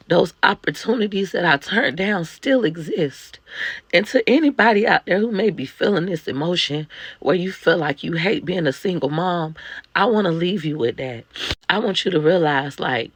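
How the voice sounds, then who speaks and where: A woman's voice: low voice, creaky, no echo. A woman talking candidly to camera as a mother, emphatic, heartfelt and blunt. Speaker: mother sharing life advice. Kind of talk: candid personal monologue to camera.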